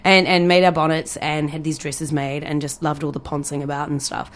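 A woman from New Zealand with a New Zealand accent, chatting playfully as a guest performer in an interview, talking fast and laughing often. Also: sits low, flat delivery. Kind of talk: casual interview chat.

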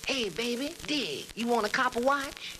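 A man's voice: very high-pitched, animated, normal speed, pitched above the performer's own voice. A man voicing a slick male subway hustler who drawls hip slang, on a crackly old record. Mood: sly.

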